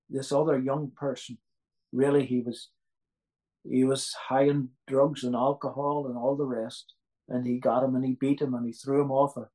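A man's voice: medium pitch, darkish tone, rough recording. A man preaching a sermon in an earnest way, who repeats key phrases for emphasis and asks his listeners rhetorical questions.

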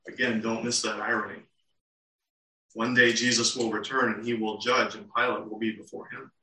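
Bright-voiced male preacher in a roomy hall. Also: lowish voice, little pitch movement, normal speed. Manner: earnest teaching with rhetorical questions. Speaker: pastor. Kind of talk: sermon. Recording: roomy and distant.

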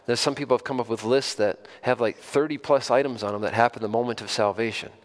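A man's voice: mid-range voice, fairly even intonation, fast talker. A man preaching a sermon in a conversational way, often repeating words and putting direct questions to his listeners, then building to emphatic stresses. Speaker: pastor.

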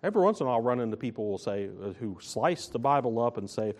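A man preaching a sermon, slow and emphatic, stressing and repeating his key phrases. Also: medium pitch, lively intonation.

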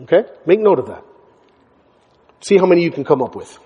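A male pastor preaching a sermon, emphatic, hammering words through repetition and building to near shouts. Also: fairly high pitch, very animated, fairly quick, pauses often, slightly rough. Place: church sanctuary. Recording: church hall with long reverb.

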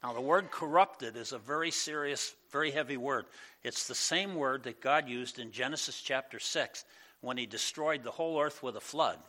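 Animated, conversational male pastor preaching. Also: medium pitch, moderate pace. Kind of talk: sermon. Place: church.

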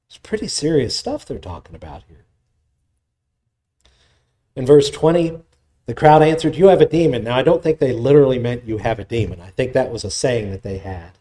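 A man's voice: mid-range voice, warm tone. A man preaching an expository sermon in a conversational way, retelling scripture in everyday voices.

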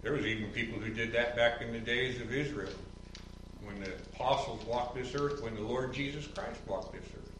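Bright-voiced preacher man in an echoey church. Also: normal speed, distant mic, a little hiss or hum. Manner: preaching that swells from quiet reasoning to loud emphatic rising; mocking quotes in a higher voice. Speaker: pastor. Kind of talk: sermon.

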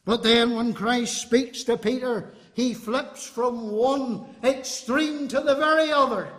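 High-voiced, fervent male preacher. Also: steady tone, slow pace, fairly bright tone. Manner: fervent, emphatic, appealing to the listener. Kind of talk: sermon. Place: congregation hall. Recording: long hall reverb.

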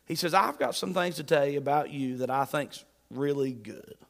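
A male pastor preaching with a high voice. He is folksy and joking, and builds to emphatic bursts. The sound rings out with the long reverb of a large hall. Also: moderate pace, gravelly. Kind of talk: sermon.

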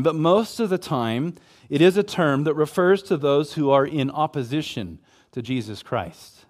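A man with a somewhat high voice delivers an expository sermon on scripture. He speaks in a measured way and leans on repeated phrases for emphasis. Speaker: Bible teacher.

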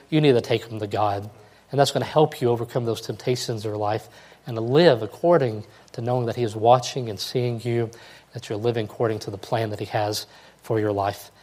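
A man's voice: medium pitch, a little mellow. A man preaching a sermon, earnest and rising to emphatic exhortation as he urges listeners.

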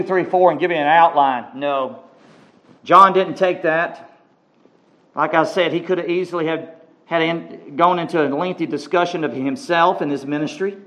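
A male preacher delivers a sermon with a voice pitched slightly above the usual for a man. He talks emphatically, doubling back on words and phrases to drive his points home. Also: poor audio. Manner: emphatic, repeats words for stress.

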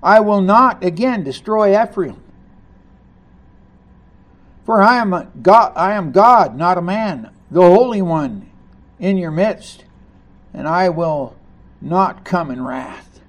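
A man preaching a sermon, reading scripture aloud and commenting on it, rising to loud emphasis on key lines. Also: sits high, animated, slow pace, long pauses. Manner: reads scripture aloud and comments between passages.

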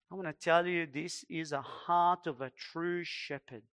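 A man's voice: a little high, steady tone, a bit bright, clear, resonant tone. A man preaching a sermon, pleading and emphatic, stretching out key phrases. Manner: pleading, emphatic preaching with slow drawn-out stresses. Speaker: pastor.

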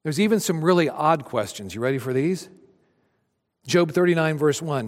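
A man preaching a sermon with animated delivery, acting out voices of the figures he tells about. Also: a little high, moderate pace, big-room sound. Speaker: pastor.

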